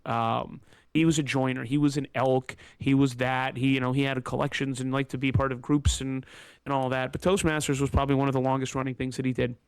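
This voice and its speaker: Man, smooth clear voice, dry close sound, candid emotional rambling story, close to tears. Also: medium pitch, level tone, fairly quick, dry recording. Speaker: podcast host. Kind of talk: casual personal storytelling.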